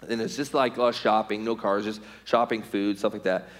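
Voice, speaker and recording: A middle-aged man, a former pitcher, tells a lively personal testimony, acting out scenes with quoted voices and lots of "like" and "right?". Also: fairly quick. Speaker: former pro baseball pitcher giving a testimony. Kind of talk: storytelling testimony talk.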